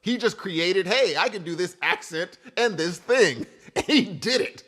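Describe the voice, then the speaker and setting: Guy on a podcast, kinda high voice, really lively, opinionated. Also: measured pace. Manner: animated, opinionated banter. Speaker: podcast co-host. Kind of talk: casual chat.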